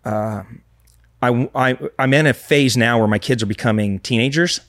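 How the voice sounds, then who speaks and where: A man's voice: medium pitch, moderate pace, a bit bright. A man in his thirties, a real estate investor talking earnestly as a podcast guest, often restarting sentences. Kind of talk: casual podcast conversation.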